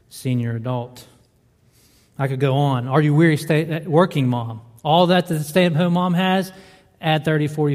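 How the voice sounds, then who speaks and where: A man's voice: mid-range voice, darkish tone. A male pastor delivering a sermon, building emphasis with repeated rhetorical questions. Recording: reverberant hall.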